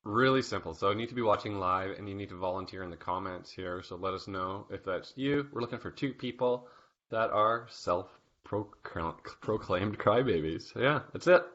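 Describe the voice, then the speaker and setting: A man co-hosts a live show and gives short, matter-of-fact answers. His voice sits low. The sound is dull and lo-fi. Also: moderate pace, fairly bright tone. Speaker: co-host. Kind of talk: live online show chat.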